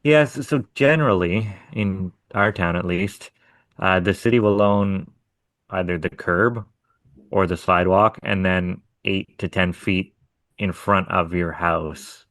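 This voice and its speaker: A man's voice: low voice, takes it slowly, fairly bright tone, no echo. A man co-hosting a podcast, telling stories about his contracting work in a laid-back, profane way. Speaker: podcast co-host, hardscape contractor. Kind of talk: casual chat.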